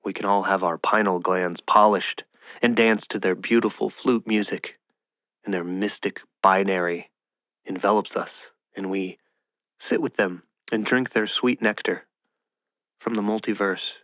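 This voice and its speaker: A man's voice: on the low side, fairly even intonation, a little slow, fairly bright tone, no echo, clean studio sound. A man hosting a podcast, talking in a rambling, playful casual monologue and slipping into mock voices. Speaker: podcast host.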